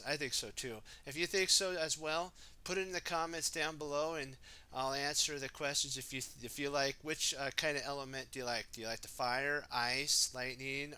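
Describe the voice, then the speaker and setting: A man's voice: mid-range voice, clean tone. A man reading a children's storybook aloud, chatting casually and asking the listener questions. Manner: shouts the heroes' lines in a raised, excited voice. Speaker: storybook reader. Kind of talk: casual read-aloud for kids.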